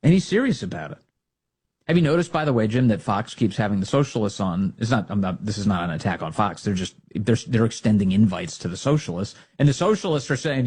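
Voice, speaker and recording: A man hosting a political talk show, his voice a little husky and sitting slightly high for a man. He swings his pitch widely, going from sarcastic to combative in a mocking monologue. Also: very animated, brisk, darkish tone. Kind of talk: opinionated talk radio monologue.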